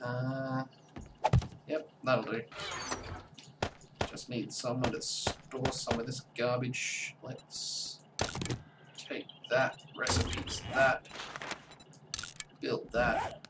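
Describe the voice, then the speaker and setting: Rambling male gamer, distant mic, loud noise. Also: medium pitch, drawn-out words, pauses often. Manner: rambling, chatty, with sudden excited outbursts. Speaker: let's play streamer. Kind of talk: live gameplay commentary.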